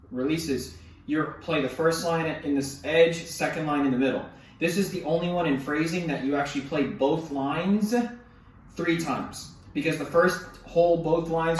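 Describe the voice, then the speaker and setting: A male drum instructor talking casually through snare exercises. He counts beats aloud and often restarts himself or apologizes. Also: fairly high pitch. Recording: very echoey room, mic at a distance.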